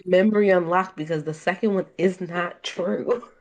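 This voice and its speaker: A woman's voice: fairly low pitch, fairly even intonation, normal speed, a crowd in the background. A woman co-hosting a podcast in casual chat, with a Baltimore accent, telling stories defensively, laughing often and filling her speech with "like". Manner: laughing, defensive storytelling with many fillers. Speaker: podcast co-host.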